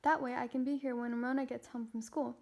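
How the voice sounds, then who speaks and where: A young woman voicing a patient, practical mother from a children's storybook, in a gentle read-aloud delivery. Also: on the high side, flat delivery, fast talker, creaky. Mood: calm.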